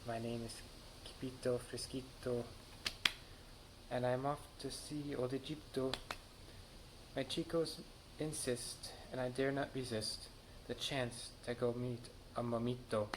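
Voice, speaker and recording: A man's voice: medium pitch, lively intonation, moderate pace, very noisy, lightly acted. A man voicing a playful, boastful kitten boy with a bouncy, sing-song delivery and mock Spanish flair. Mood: soft singing.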